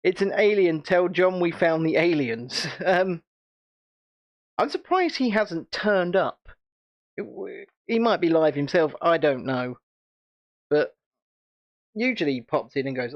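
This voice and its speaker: This British man from the United Kingdom hosts a channel's casual livestream chat, rambling cheerfully and laughing often. His voice leans high and expressive, with a measured pace and long pauses, and the audio sounds dull.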